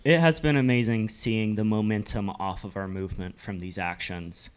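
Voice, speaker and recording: A man's voice: fairly low pitch, fairly even intonation, moderate pace, smooth. A man hosting a panel, speaking earnestly and with gratitude. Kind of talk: panel moderation.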